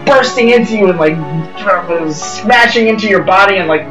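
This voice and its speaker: A man narrating as game master, rambling and excitable with lots of fillers and yelped sound effects. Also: high-pitched, normal speed. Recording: roomy echo from a distance, music behind.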